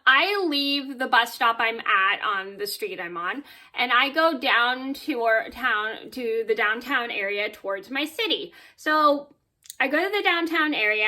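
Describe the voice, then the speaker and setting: A woman chats to camera, telling a story from her day. Her voice sits on the high side and sounds bright and a little sharp. She rambles with fillers and tosses in "blah, blah" to skip details. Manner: chatty and animated, with fillers and "blah blah". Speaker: vlogger.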